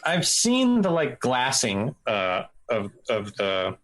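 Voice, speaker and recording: A man's voice: mid-range voice, wildly swooping pitch, slow pace, a bit bright. A man playing a tabletop mech game, talking hesitantly with many fillers. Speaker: player. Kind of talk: casual tabletop game chat.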